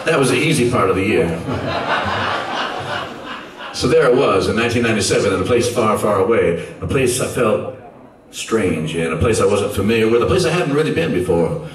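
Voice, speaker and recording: A rock singer telling a story to his audience between songs, with dramatic pauses and teasing asides to the crowd. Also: on the low side, animated. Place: concert club stage. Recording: echoey club from far, loud crowd.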